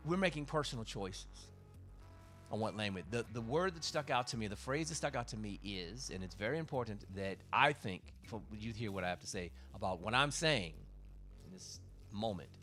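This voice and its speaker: A man's voice: lowish voice, a bit bright. Profane, emphatic male comic. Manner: profane, emphatic, rambling with restarts. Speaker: comedian hosting a livestream. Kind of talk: casual monologue.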